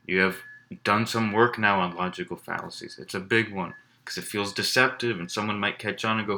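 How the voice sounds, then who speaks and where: A man's voice: lowish voice, fairly quick, pushed and bright, slight background noise. A man teaching a college writing class in a recorded lecture, explaining in a conversational way with fillers and restarts. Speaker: college English instructor.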